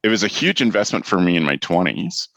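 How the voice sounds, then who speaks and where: A man's voice: deep voice, sing-song, fast talker, a bit bright, no echo. A man in his thirties hosting a podcast, chatting candidly and telling stories with a frank, mildly profane edge. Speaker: podcast host. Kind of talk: casual podcast chat.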